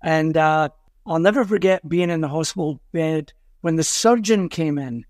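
An older man with a Glasgow Scottish accent, a musician guest telling anecdotes in an animated way and acting out the voices of the people in them. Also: on the high side, moderate pace, no echo, studio quality. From Scotland. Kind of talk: animated storytelling.

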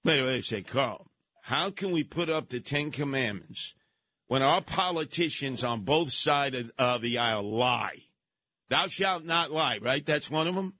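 A man's voice: mid-range voice, normal speed, pushed and bright, no room sound. A man hosting a call-in radio show, rambling and sarcastic with combative asides. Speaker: radio talk show host. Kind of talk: call-in talk radio monologue. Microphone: studio mic, dry.

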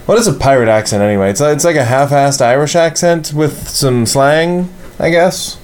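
A man's voice: a little high, moderate pace, a little mellow. A man hosting a podcast in casual chat, rambling and joking with lots of filler. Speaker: podcast host.

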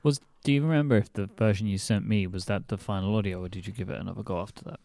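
A man with a gravelly, low voice fires off quick, brief questions and remarks in a casual podcast chat. He talks fast, and the sound is dry. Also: darkish tone, no echo. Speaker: podcast co-host.

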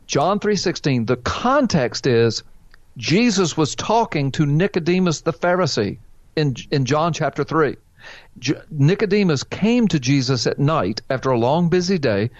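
A man's voice: fairly high pitch, animated, a little slow, no room sound, highs cut off. A man hosting a call-in show as a pastor, preaching emphatically, quoting scripture and asking rhetorical questions. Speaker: pastor answering a caller.

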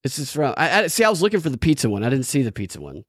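A man's voice: medium pitch, big pitch swings, very fast, slightly rough, dry recording, studio quality. A man hosting a casual podcast, wry and rambling as he reads out viewer comments. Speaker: podcast host.

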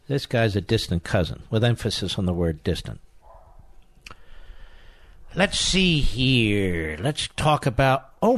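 A man's voice: medium pitch, dry recording. Emphatic male talk radio host, dry mic. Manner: emphatic, repeats key phrases for emphasis.

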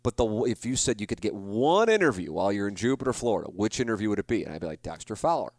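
A man in his forties hosts a podcast and talks straight to the listener in a rambling, self-deprecating way, often restarting his sentences. His voice sits fairly low, and the recording is dry and close. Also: lively intonation, fast talker, hardly any pauses, a little mellow, no echo. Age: 40s. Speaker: podcast host. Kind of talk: casual monologue.

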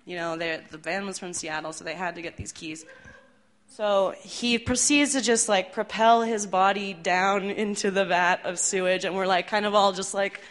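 A woman's voice: medium pitch, fairly bright tone. A woman telling a tour story live on stage, chatty and laughing, with lots of fillers.

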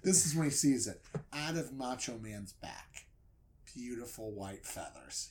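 A man's voice: medium pitch, sing-song, unhurried, loud music behind the voice. A man telling a comedic story in a rambling way, often breaking into laughter. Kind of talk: comedic retelling.

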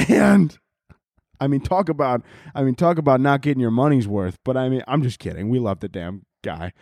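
A man's voice: medium pitch, lively intonation, normal speed, creaky, darkish tone, no echo. Guy rambling on his podcast, crude jokes, keeps cracking himself up, dry close sound. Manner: rambling, crude, laughs often. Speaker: podcast host. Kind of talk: casual comedic monologue.

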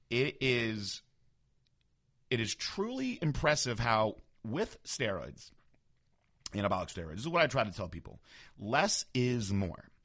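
A man's voice: lowish voice, fairly bright tone. A man in his thirties, a former bodybuilder, telling a candid story in a casual monologue. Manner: candid, frank, conversational.

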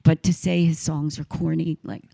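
A woman singer being interviewed, telling lively anecdotes with many halting restarts. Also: sits low, creaky, slightly rough, no echo. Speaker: guest singer. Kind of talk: casual interview storytelling.

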